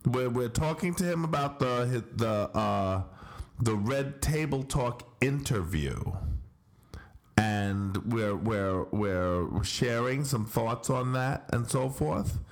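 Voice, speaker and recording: A man's voice: medium pitch, animated, slow pace, faint music behind. A middle-aged man hosting a podcast in casual chat, grumbling in mock aggravation. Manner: grumbling, mock-aggravated, sing-song greetings. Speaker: podcast host. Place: home studio in Barcelona.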